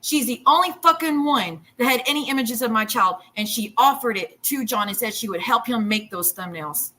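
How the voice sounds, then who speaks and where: A woman delivers a heated, profanity-laced rant on her livestream. Her voice is bright and somewhat high, and she talks in rambling, repetitive bursts while cooking in her kitchen. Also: lively intonation, moderate pace, low-quality recording.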